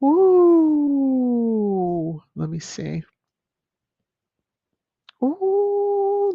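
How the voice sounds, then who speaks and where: A woman's voice: sits low, creaky, darkish tone, no echo, highs cut off. A woman hosting a casual livestream, reading viewer comments aloud with a playful, teasing manner and frequent chuckles. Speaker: livestream host.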